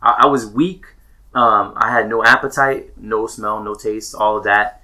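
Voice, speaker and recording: A man's voice: fairly low pitch, fairly even intonation, unhurried, bright, forceful tone, poor audio. A man chatting casually with friends, joking and laughing often. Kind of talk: casual chat.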